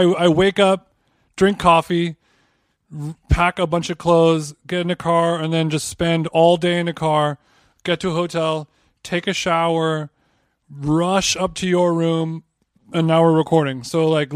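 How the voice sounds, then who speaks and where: A man with a fairly high voice trades jokes with his co-host in loose podcast banter, often wandering off into long tangents. The sound is close and dry, with no room around it. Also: no room sound. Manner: joking, rambling tangents. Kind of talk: casual banter.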